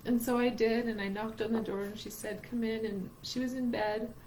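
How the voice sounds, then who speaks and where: A woman's voice: on the high side, fairly even intonation, moderate pace, a little mellow, slight background noise, low-quality recording. Earnest woman sharing a heartfelt story. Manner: earnest and emotional, with a faith-based outlook. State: tearful at times. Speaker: podcast co-host. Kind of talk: heartfelt conversation on grief.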